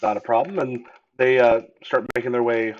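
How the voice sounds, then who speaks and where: A man's voice: mid-range voice, steady tone, moderate pace. A man running a tabletop game as game master, narrating with lots of fillers and hesitations. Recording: dull lo-fi audio.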